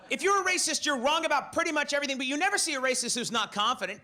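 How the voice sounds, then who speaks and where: A British comedian rattles through his set at speed in a high, excitable voice. He is profane and animated and keeps lurching into shouted inner voices. Clear noise and audience laughter sit behind him. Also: racing, hardly any pauses. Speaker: stand-up comedian.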